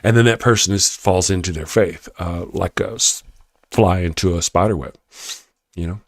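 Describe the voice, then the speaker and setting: A man's voice: deep voice, moderate pace, dry recording, studio quality. A man with a Texas accent hosting a casual livestream, reading viewer comments and joking with frequent laughs. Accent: Texan. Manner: chatty, laughs often, joking asides. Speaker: livestream host.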